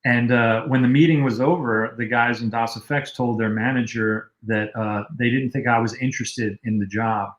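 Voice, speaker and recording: A man's voice: medium pitch, moderate pace, few pauses, lo-fi sound. Man telling rambling stories, roomy echo. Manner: relaxed, rambling anecdotes with fillers. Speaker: guest, music video director. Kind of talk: casual storytelling on a livestream.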